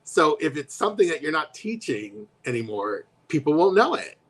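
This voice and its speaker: Man, casual chat, animated storytelling, livestream talk show co-host. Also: on the high side, normal speed. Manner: animated storytelling with voiced quotes. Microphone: live stream.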